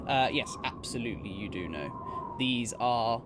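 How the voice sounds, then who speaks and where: Man running a tabletop game, slow and descriptive, noisy background. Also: medium pitch, expressive. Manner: unhurried, descriptive, casual. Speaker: game master.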